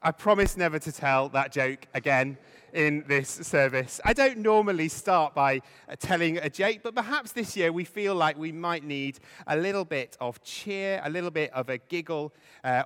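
A vicar giving a conversational Easter sermon in a church, with some hesitant fillers. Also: male voice, fairly high pitch, normal speed, fairly bright tone. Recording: long church reverb.

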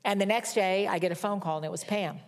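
A woman's voice: mid-range voice, fast talker. A middle-aged woman preaching a sermon, telling a personal story in a candid, self-mocking way. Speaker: pastor.

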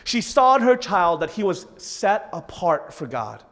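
Male pastor, sermon, high voice, animated, joking asides, echoing hall. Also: unhurried. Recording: reverberant hall.

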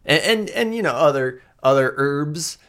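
A man's voice: a little high, lively intonation, moderate pace, fairly bright tone, pitched above the performer's own voice. A man voicing a nervous rural woman forager who stammers and rambles in a folksy drawl.

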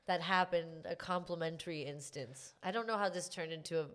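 A woman and comedian, a guest in a casual chat who is animated and playful and swears freely. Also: lowish voice, brisk.

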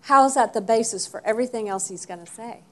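A woman's voice: a little high, fast. Woman teaching a church Bible class. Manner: warm, emphatic, asks the group questions.

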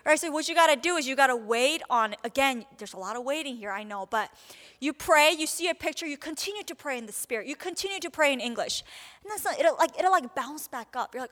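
A woman with a fairly high voice teaches on group prayer, talking casually and acting out little quoted prayers as she goes. Her voice rings with a long hall reverb. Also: lively intonation, fast talker, fairly bright tone.

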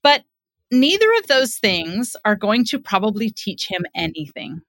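A woman's voice: medium pitch, animated, a little slow, a bit bright, no room sound. Middle-aged woman, earnest, storytelling, dry close sound. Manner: earnest, acts out parent and child quotes. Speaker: psychotherapist and parenting author, podcast guest. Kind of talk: conversational storytelling, explaining.

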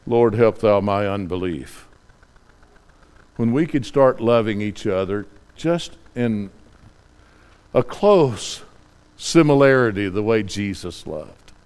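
A middle-aged man preaching a sermon, reading scripture quietly and then building to fervent, pleading questions. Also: on the low side, expressive, slow pace, long pauses, clean tone.

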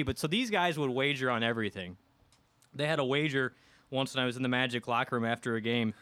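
On a podcast, a Midwestern man appears as a guest and tells a casual anecdote, animatedly acting out what the people in it said. He talks fast in a medium-pitched, clear, resonant voice, with no echo in the recording.

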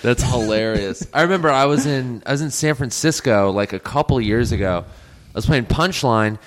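A man's voice: medium pitch, moderate pace. A man who is a guest comedian, chatting in an easygoing, wry way about comedy clubs. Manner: easygoing, wry, trades club stories. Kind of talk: casual comedy chat.

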